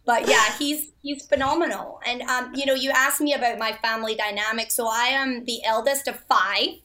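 A woman's voice: fairly high pitch, fairly even intonation, moderate pace, pushed and bright. A middle-aged woman from Scotland, a podcast guest talking earnestly in a casual interview.

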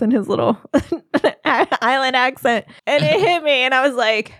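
A woman's voice: high-pitched, lively intonation, slow pace, a bit bright, dry recording, clean studio sound. A middle-aged woman telling a travel story in casual chat, giggling often as she talks. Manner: giggly, laughs often while telling stories. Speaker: podcast co-host.

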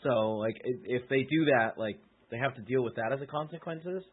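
A man's voice: medium pitch, brisk, breathy edge. A man on a podcast thinking aloud in casual chat, posing tentative questions. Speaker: podcast co-host. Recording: tinny phone-like lo-fi sound.

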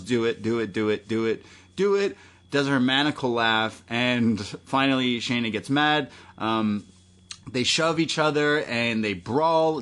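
A man's voice: medium pitch, a bit bright. A man co-hosting a podcast, recapping wrestling in a rambling, joking way. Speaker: podcast co-host. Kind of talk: casual chat recapping wrestling.

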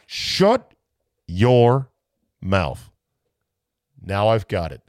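A man's voice: sits low, animated, slow pace, pauses often, a little mellow, dry recording, studio quality. A male sports talk show host in a casual monologue, rambling and making self-mocking asides.

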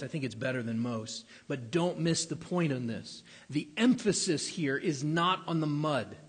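A man's voice: a little high, slightly rough. A man preaching a sermon as a pastor, conversational and emphatic, repeating key phrases and sometimes stumbling over his words. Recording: long hall reverb.

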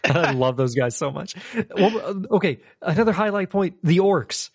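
Dude recapping game moments w friend, slightly high voice, laughs a lot. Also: male voice, animated, measured pace, husky. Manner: storytelling, giggly. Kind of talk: casual gaming chat.

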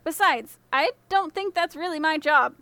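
A woman's voice: high-pitched, normal speed, pushed and bright, no echo. A woman doing an exasperated old father. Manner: exasperated, resigned.

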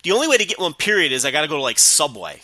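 A man's voice: a little high, sing-song, rapid-fire, sharp tone, no echo. A man co-hosting a podcast in casual chat who often stammers and repeats words. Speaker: podcast co-host.

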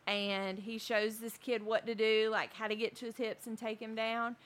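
A woman who coaches jiu-jitsu, telling a story in a chatty, animated way with plenty of fillers. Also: a little high, normal speed. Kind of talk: casual storytelling.

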